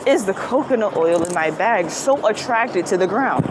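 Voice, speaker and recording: A young woman with a medium-pitched voice chats at a moderate pace on a livestream while walking around a city outdoors carrying bags, with street noise in the background. Chatty and animated, she talks about spiritual topics and sometimes swings into loud excitement.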